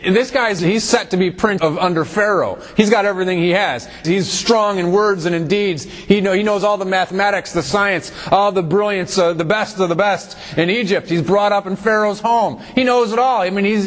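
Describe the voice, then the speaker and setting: A man with a high voice preaches from scripture. He reads verses, then explains them, often sinking low and then climbing back up to drive a point home. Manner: expository preaching with shifting emphasis, dropping low then rising. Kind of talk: sermon.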